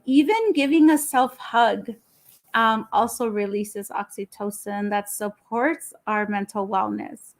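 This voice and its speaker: A woman co-hosting a community wellness talk, calmly explaining mental health concepts in a reflective, informative way. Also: medium pitch. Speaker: wellness event co-host.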